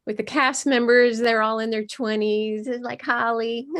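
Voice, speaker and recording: A woman's voice: a little high, measured pace, a bit bright. A middle-aged woman performing a stand-up comedy set over a video call from home, self-mocking and laughing between jokes. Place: her home.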